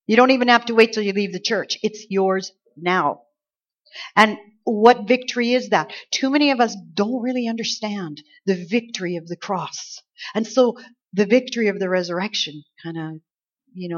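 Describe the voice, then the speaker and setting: A woman preaching a conversational Easter sermon, acting out quoted lines with lively emphasis. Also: medium pitch, moderate pace. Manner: conversational, animated, acts out angels' lines. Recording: slightly dull lo-fi sound.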